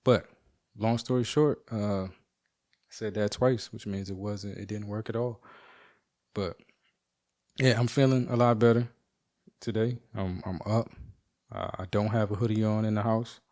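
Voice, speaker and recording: Male podcast host with a slightly low voice, loose and profane storytelling from home. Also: measured pace, long pauses. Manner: animated, profane, rambling. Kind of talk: casual storytelling monologue.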